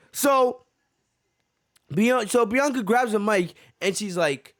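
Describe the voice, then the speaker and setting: A man with a notably high voice vents on his podcast in a rambling, heated rant. He repeats his points and stumbles over restarts as his frustration builds. The sound is dry and close, with no room echo. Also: expressive, takes it slowly, a bit bright. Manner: frustrated, repeats himself, many fillers. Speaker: wrestling podcast host. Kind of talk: ranting reaction commentary.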